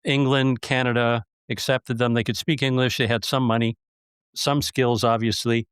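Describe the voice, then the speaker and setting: A man's voice: medium pitch, little pitch movement, moderate pace, clear, resonant tone, no room sound, studio quality. A man hosting a podcast interview, telling stories in a chatty, joking way. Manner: storytelling, jokey and chatty. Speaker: podcast host.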